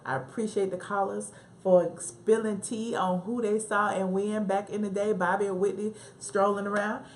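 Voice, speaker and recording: A woman's voice: medium pitch, little pitch movement, normal speed, a little hiss or hum. A woman with a Southern US accent hosting a casual live stream from her home office, chatting, laughing often and talking back to her live chat. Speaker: livestream host.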